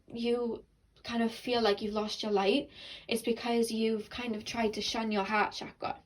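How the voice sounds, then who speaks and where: A woman's voice: fairly high pitch, flat delivery, measured pace, low-quality recording. Earnest young woman giving a tarot reading. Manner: earnest, rambling, many fillers and restarts. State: tearful and emotional. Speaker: tarot card reader. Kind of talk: casual tarot reading to viewers.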